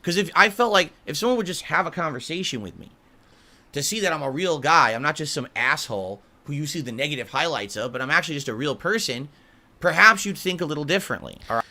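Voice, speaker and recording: A man's voice: fairly high pitch, lively intonation, fast talker, bright, forceful tone. A man speaking in a documentary interview, sounding aggrieved and defensive about how he is treated online. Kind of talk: interview clip played on stream.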